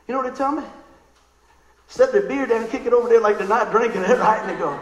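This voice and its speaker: A man preaching a sermon in an animated, conversational way, telling stories and asking the crowd questions. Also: very high-pitched, quick pace, reverberant, low-quality recording. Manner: animated, excitable storytelling.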